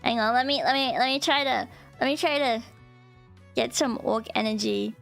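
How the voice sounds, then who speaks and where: This live-stream clip features a female VTuber, bubbly and giggly, rambling to viewers with plenty of "like." Her fairly high, creaky voice has a fairly bright tone and normal pace, with soft music playing behind her.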